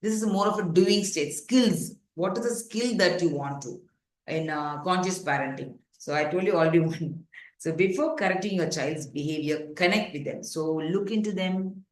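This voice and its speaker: A woman's voice: fairly low pitch, moderate pace. A woman parenting coach leading a workshop, talking in an earnest, instructive way with many fillers, self-corrections and questions like "got it?". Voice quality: frequent fillers and self-corrections, rhetorical check-ins. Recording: echoey room.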